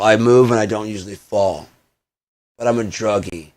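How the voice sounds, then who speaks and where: A man delivering a profane, ranting personal video monologue that swings between loud outbursts and low muttering. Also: moderate pace. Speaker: video blogger.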